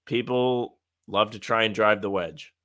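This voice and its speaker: A man co-hosting a casual sports podcast, talking in an animated, ranting way with some sarcasm. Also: lowish voice, a little slow. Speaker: podcast co-host.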